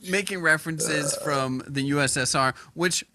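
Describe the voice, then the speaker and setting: A man's voice: a little high, normal speed, background noise. A man co-hosting a comedy podcast, telling rambling stories in casual chat with lots of fillers. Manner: rambling, animated storyteller with many fillers. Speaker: podcast co-host.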